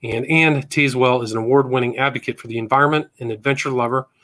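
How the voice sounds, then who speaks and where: A man's voice: mid-range voice, steady tone, quick pace, fairly bright tone. A man hosting an interview podcast, introducing his guest in a plain, informal way with small stumbles. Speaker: podcast host.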